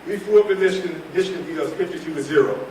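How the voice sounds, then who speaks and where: Brief: keynote speaker, man from North Carolina, animated storyteller in a roomy hall with faint background noise. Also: a little high, racing. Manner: animated, humorous, acts out scenes. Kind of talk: storytelling speech. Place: large hall at a reunion event. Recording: echoey hall, mic far off.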